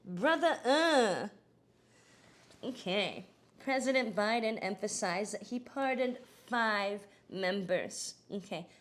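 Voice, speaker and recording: Posing as a satirical news anchor, a woman impersonates a middle-aged female politician, cackling with laughter between crude punchlines. Her voice is a little high.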